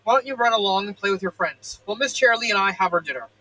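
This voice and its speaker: A man's voice: high voice, expressive, quick pace, full character voice, poor audio. A man reading as a refined elegant pony lady. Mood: poised. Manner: poised, proper and gently scolding. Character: refined elegant adult mare, fashion-minded unicorn.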